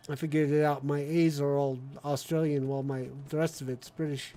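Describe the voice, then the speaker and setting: A man's voice: a little high, warm tone. A man hosting a gaming podcast, chatting casually with wry asides while he plays. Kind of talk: casual chat while playing a game.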